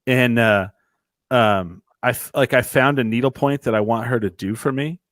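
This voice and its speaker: This man hosts a relaxed chat show over a video call, speaking at medium pitch and a moderate pace with no echo. He's an animated storyteller who swears freely and acts out the quotes he recounts.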